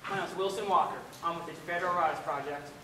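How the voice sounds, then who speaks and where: A courteous young researcher, played by a young actor speaks formally and carefully. His slightly high voice carries from far across an echoey room with noise behind. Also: fairly even intonation, quick pace, lightly acted. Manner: polite, formal. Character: a polite young male researcher, an outsider. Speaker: actor in a school play. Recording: roomy stage sound from far off, noisy.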